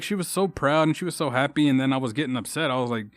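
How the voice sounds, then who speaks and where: A young Texan man hosts a solo podcast rant, heated and rambling, swearing constantly and restarting his sentences. His mid-range voice comes fast with hardly any pauses and no echo.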